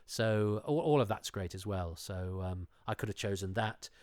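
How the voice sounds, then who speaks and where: Enthusiastic man, low dry voice. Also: normal speed, a little mellow, dry recording. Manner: enthusiastic, digressive, self-deprecating. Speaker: show panelist. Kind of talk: casual chat.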